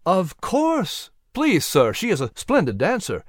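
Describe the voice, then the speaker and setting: A hearty young fiddler speaks with bright enthusiasm, as a man puts him on. His pitch swings widely and sits a little high, in a dry, close recording. He sounds outgoing and at ease. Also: a little slow, no echo, full character voice. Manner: hearty, animated. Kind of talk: storybook reading.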